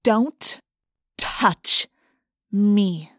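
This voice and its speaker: A woman's voice: medium pitch, extremely slow, fairly bright tone, dry recording, clean studio sound. A woman voicing a fierce teenage girl who speaks in a cold, clipped way. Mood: icy.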